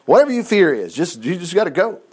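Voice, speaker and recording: A man preaching an informal sermon, retelling Bible stories in a chatty, animated way with joking asides. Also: sits high, fast, slightly rough.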